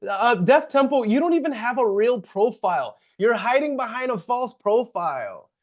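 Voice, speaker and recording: A man's voice: very high voice, big pitch swings, normal speed, dull audio. A man talking casually on a livestream and answering chat comments head-on, restarting and repeating himself often. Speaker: real estate investor and coach on a livestream. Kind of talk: livestream talk.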